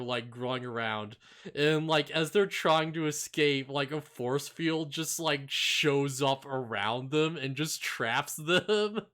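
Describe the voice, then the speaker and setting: A man's voice: medium pitch, a bit bright. A man co-hosting a casual podcast chat, rambling with lots of filler words and laughing often. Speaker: podcast co-host.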